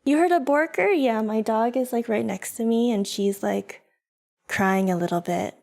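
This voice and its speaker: A woman's voice: fairly high pitch, moderate pace, creaky, darkish tone. A young woman streaming, chatting casually and giggling as she talks to her viewers and her dogs. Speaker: vtuber streamer. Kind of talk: casual livestream chat.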